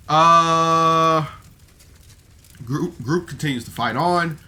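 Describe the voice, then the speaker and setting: A man's voice: a little high, drawn-out words, pauses often, sharp tone. A man giving a casual, rambling review of a podcast episode on camera, emotional and full of fillers. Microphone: camera mic, seated on camera.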